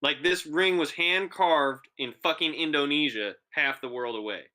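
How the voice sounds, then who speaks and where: A young man with a bright, clear voice co-hosts a podcast and tells a sprawling story in loose, casual chat. He swears freely and acts out the people in the story as he goes. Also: a little high, a little slow. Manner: animated, profane, acts out quoted voices. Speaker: podcast co-host.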